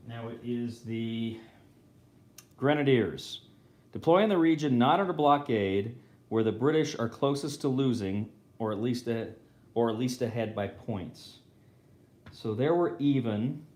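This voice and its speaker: Hosting a live board game playthrough, a man thinks aloud casually, correcting himself as he goes. His mid-range voice is animated and darkish, unhurried with long pauses, and the room gives a roomy echo.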